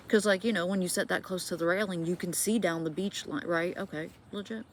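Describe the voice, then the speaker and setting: A middle-aged woman from Indiana with a somewhat low voice tells a spooky story straight to her viewers. She rambles casually, swears, and keeps checking in with them. A faint hum of background noise sits under her voice. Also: a little fast. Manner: chatty, swearing, many fillers and asides to viewers. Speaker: vlogger.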